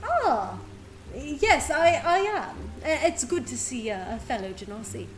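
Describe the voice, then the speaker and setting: A woman's voice: sits high, very animated, unhurried, soft background music. A woman voicing a polite male water genasi who owns a bathhouse, courteous and businesslike, in a tabletop game. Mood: gracious.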